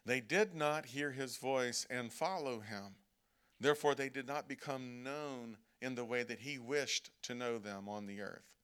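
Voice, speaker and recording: A man delivering an evening sermon in a loose, conversational way. He keeps checking in with "okay?" and slows down to lean on quoted scripture. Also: mid-range voice, fairly bright tone, clean tone. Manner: conversational preaching, frequent "okay?" check-ins, slows to stress quoted verses. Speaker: preacher. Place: church service.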